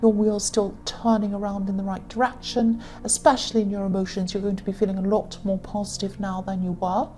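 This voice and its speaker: A woman giving a tarot reading to her viewers, talking in a halting way with many fillers and self-corrections. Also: medium pitch, level tone, dark tone. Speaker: tarot reader.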